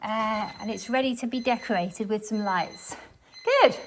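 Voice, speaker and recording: A woman's voice: medium pitch, normal speed, slight background noise. A woman chatting casually to the camera while she cleans her home, thinking aloud and poking fun at herself, recorded on a phone strapped to her chest. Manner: chatty, thinks aloud, self-mocking asides. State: slightly out of breath. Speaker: cleaning vlogger. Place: home, indoors. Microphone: phone worn on a chest harness.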